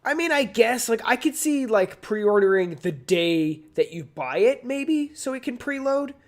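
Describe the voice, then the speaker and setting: A man's voice: very high-pitched, lively intonation, unhurried. Rambling male co-host, filler-heavy. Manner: rambling, many fillers and restarts. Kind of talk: casual chat on a live show.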